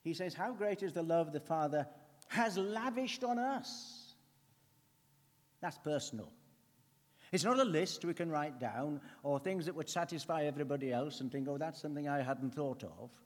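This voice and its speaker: A man preaching in an earnest, conversational way, his voice sitting a little higher than most men's. He leans hard on some words and drops to near a hush on others. A long reverb trails behind him, as in a church hall. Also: a little fast. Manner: earnest, swings between emphatic and hushed. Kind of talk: conversational sermon.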